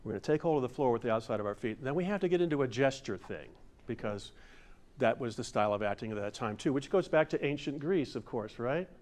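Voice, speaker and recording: A man's voice: mid-range voice, expressive, fast talker, a little mellow. An older man teaching a masterclass to a live audience, guiding them through standing exercises and jokingly acting out overblown stage lines. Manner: playful, demonstrative, acts out overblown theatrical lines. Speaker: masterclass presenter. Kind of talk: workshop lesson with audience exercises.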